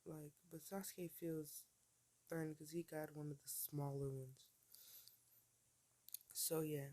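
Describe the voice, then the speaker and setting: A man telling a story off the cuff, with a mellow, dark tone. He wanders, says "like" a lot and corrects himself as he goes. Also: fairly high pitch, little pitch movement, slow. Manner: rambling, full of "like" and self-corrections. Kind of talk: casual fan-fiction retelling.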